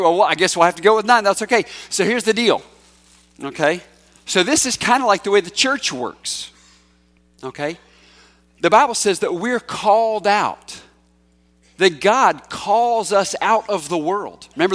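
A man's voice: sits high, fairly bright tone. A male pastor preaching a sermon in a church, talking conversationally and coaxing children forward in a playful way. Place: church sanctuary.

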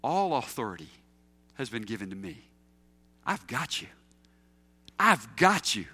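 A preacher voicing a gentle, reassuring Jesus. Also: male voice, mid-range voice, sing-song, measured pace, slightly rough, voice pushed down, heavily acted. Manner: tender, reassuring.

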